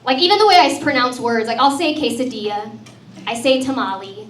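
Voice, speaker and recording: A woman's voice: a little high, brisk. A woman in her thirties doing a breezy, self-mocking stand-up comedy set, peppering her lines with "dude" and "man.". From United States. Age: 30s. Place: comedy club stage. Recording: echoey club from a distance, crowd audible.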